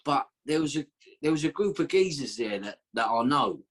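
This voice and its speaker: A man's voice: mid-range voice, expressive, normal speed. A man telling a long story as a podcast guest, rambling and slangy, with a streetwise way of talking. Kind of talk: casual storytelling.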